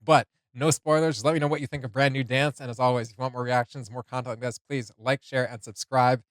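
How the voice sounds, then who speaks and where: A man hosts a music reaction video in a relaxed, chatty way. He laughs often and reads notes aloud with plenty of fillers. His mid-range voice sounds dry and close. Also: medium pitch, quick pace, dry recording. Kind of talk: casual reaction commentary.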